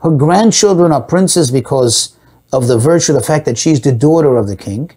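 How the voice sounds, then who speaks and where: A man's voice: on the high side, normal speed, breathy edge. A man teaching a Torah class, explaining a text with rhetorical questions and Hebrew and Yiddish terms mixed into his English. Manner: animated, asks and answers his own rhetorical questions.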